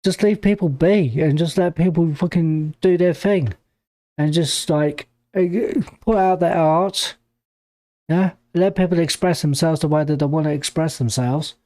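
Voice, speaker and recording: Brief: male reaction host, fairly high but mellow voice, indignant and profane. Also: measured pace, no echo. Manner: indignant, swears heavily. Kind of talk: reaction commentary.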